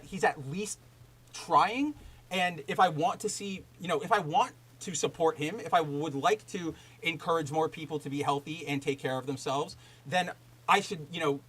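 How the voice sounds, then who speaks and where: A man's voice: high voice, rough recording. A man hosting a podcast, talking in a casual, rambling way and ranting with plenty of swearing. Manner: animated, profane ranting; loose, rambling with fillers and restarts. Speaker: podcast host. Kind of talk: casual chat with live chat.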